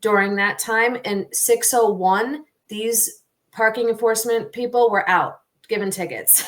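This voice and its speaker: A middle-aged woman co-hosting a podcast, telling a story in a lively, casual way and laughing often. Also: fairly high pitch, measured pace. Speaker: podcast co-host. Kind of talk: casual chat.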